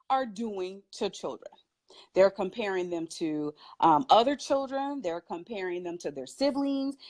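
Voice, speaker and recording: Lively, emphatic woman with a high voice. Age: adult parent. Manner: lively, emphatic, laughs often. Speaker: guest speaker. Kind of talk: talk show advice.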